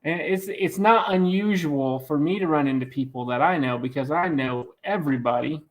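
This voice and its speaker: A man with a raspy, slightly high voice chats loosely on a live stream. He jokes and teases, circling back with restarts as he goes. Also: normal speed. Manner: joking, teasing, rambling with restarts. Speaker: host of a farm channel live stream. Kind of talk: casual live-stream chat.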